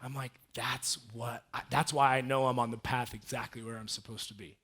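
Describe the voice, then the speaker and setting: A man in his thirties giving a casual, animated storytelling talk as a guest speaker. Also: medium pitch, a little fast, husky. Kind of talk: storytelling talk to a live audience.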